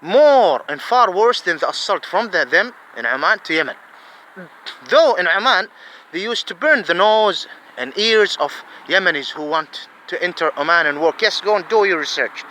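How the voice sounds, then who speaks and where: A man's voice: high voice, animated, moderate pace, sharp tone, slight background noise, low-quality recording. A man, giving an angry, profane monologue full of repeated, emphatic questions. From Saudi Arabia.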